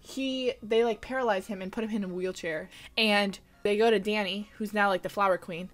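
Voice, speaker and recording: A young woman giving an animated, casual movie recap, full of "like" and blunt, incredulous asides. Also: mid-range voice, brisk. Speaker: vlogger.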